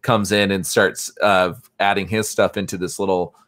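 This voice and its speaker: A man's voice: low voice, level tone, moderate pace, a bit bright. A man chatting casually on a podcast about a film, hesitant and filler-heavy. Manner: hesitant, lots of fillers and restarts. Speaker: podcast co-host.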